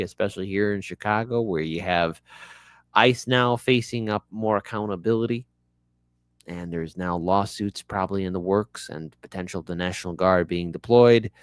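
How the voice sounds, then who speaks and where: A man hosting a show, commenting on news clips in a casual, animated way, with joking asides and repeated words when he gets worked up. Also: deep voice, dry recording, studio quality.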